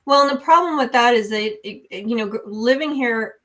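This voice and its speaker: A woman's voice: a little high, brisk, fairly bright tone. A woman from New York co-hosting a podcast, giving a chatty, analytical, opinionated movie review. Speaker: podcast co-host. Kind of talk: casual movie review chat.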